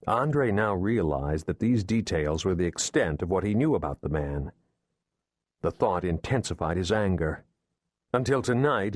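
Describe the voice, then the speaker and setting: Deep-voiced male thriller narrator. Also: no room sound, clean studio sound. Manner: measured, steady storytelling. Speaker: audiobook narrator.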